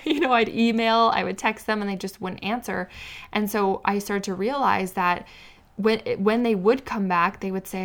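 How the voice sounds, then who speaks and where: Earnest and instructive, a female weight-loss coach talks through her solo podcast, occasionally performing the inner voice of a client. Her pitch is medium, her intonation fairly even, and her pace moderate.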